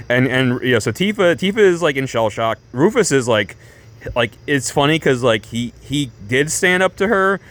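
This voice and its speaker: A man vlogging, telling a story casually in a rambling way, full of fillers and restarts, animated and breaking into laughs. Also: mid-range voice, moderate pace.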